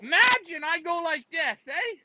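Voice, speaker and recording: A man hosting a pigeon club livestream, joking loudly and teasing with animated banter. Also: very high voice, moderate pace, noisy background. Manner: joking, loud, animated, mocks others. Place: indoor pigeon club room. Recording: slightly dull lo-fi sound.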